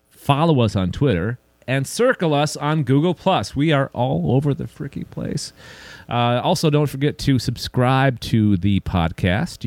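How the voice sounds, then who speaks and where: A man hosts a casual podcast at an easy, chatty pace, his mid-range voice close and dry on the mic. He runs through closing announcements with relaxed friendliness. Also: medium pitch, no room sound. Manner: relaxed, chatty, wraps up with plugs. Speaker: podcast host.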